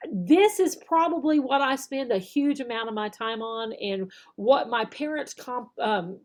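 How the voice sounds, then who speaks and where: A woman, an online English teacher explaining classroom techniques, often acting out slow, exaggerated example phrases and checking in with "okay?". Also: on the high side, darkish tone. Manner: demonstrates phrases slowly and exaggerated, tags "okay?". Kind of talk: instructional video talk.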